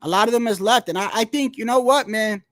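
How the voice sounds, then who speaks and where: Slangy high-voiced man, dry sound. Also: fast talker, fairly bright tone, no room sound. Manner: rambling, slangy, profane, frequent "bro" and "like". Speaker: boxing commentator. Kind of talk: casual solo boxing talk.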